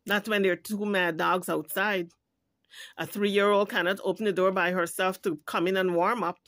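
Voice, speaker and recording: A woman's voice: mid-range voice, fairly even intonation, moderate pace, a bit bright, no echo. A woman hosting a commentary video, ranting indignantly and scolding, with frequent swearing. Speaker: YouTube commentary host. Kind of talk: heated commentary rant.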